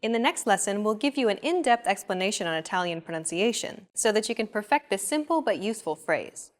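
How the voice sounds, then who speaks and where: A woman hosting a language lesson, explaining with clear, friendly, scripted narration. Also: mid-range voice, lively intonation, fairly quick.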